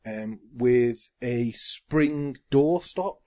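An earnest man co-hosts a casual podcast, explaining at length in a mid-pitched, everyday voice. He talks it through steadily, with ums and small restarts along the way. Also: extremely slow, dark tone. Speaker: podcast co-host. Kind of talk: casual chat.

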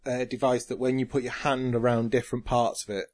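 A man's voice: mid-range voice, flat delivery, brisk, darkish tone. Man explaining stuff on a podcast, earnest, lots of ums, mid voice. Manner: earnest, explains at length with fillers. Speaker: podcast co-host. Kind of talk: casual chat.

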